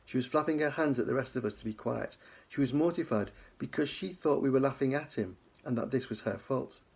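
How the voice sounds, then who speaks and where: A man, an author, reads his children's book aloud in an easygoing storytelling manner, dropping in casual asides. His voice has a gravelly, husky texture. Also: mid-range voice, a little fast, darkish tone. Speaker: author leading a writing lesson.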